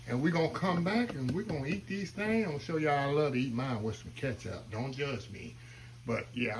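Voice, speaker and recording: A man's voice: on the high side, noisy background. A man hosting a casual cooking vlog, talking folksy and calling his viewers y'all. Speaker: cooking channel host. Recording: kitchen with sizzling grease behind.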